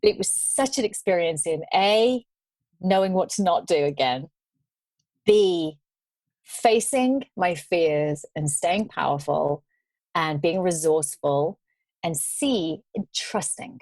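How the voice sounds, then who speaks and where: A woman guest on a podcast, telling travel stories in casual conversation, animated and laughing now and then. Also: lowish voice, slow, dry recording.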